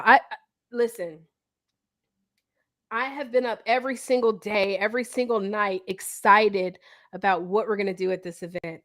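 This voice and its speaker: A woman hosting a livestream, telling a story in an animated way and talking to viewers as y'all. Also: mid-range voice. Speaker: host. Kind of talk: livestream talk.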